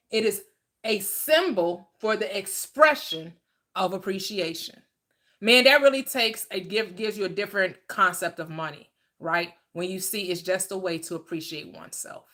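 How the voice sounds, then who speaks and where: A woman hosting a casual talk about money and receiving, speaking with animation and acting out little scenes. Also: medium pitch. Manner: animated, plays out scenes aloud with exclamations. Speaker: host. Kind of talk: casual chat.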